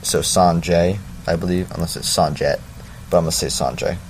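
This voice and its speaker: A man's voice: low-pitched, fairly even intonation, normal speed, a little hiss or hum. A man reading a story aloud in a casual way, breaking off for chatty, self-mocking asides. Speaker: story reader.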